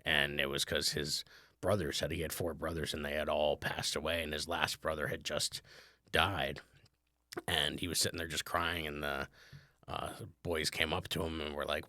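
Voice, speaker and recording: A comedian hosts his own solo podcast in a very deep voice with little pitch movement, at a moderate pace and with a sharp tone. The studio-quality recording has no echo, and his casual talk rambles with lots of fillers.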